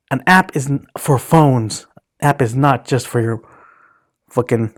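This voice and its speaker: A man hosting his own podcast, telling a long story as a casual, profane rant and acting out the people he quotes. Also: medium pitch. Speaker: podcast host.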